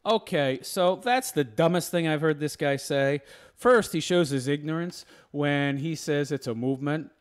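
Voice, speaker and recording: A man's voice: on the high side, normal speed, clean tone. A man giving argumentative reaction commentary, lecturing and rebutting a video point by point.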